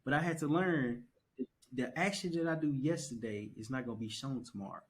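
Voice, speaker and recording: A young man on a podcast, chatting casually and telling his story with animated emphasis and repeated phrases. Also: medium pitch, fairly quick. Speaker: podcast guest. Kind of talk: casual conversation.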